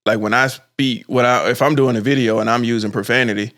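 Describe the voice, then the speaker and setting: A man hosting a casual podcast chat, animated and swearing freely. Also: medium pitch, a little fast. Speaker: podcast host.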